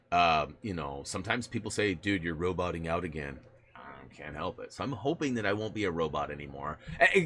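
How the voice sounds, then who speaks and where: A man's voice: on the low side, pushed and bright. A man hosting a casual live stream on a gaming headset, rambling with many restarts, laughing often and answering viewer chat.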